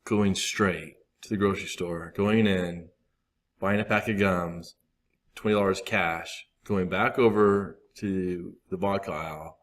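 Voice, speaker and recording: A deep-voiced man in his thirties gives a frank, meandering talk to a recovery group, acting out his own side comments as he goes.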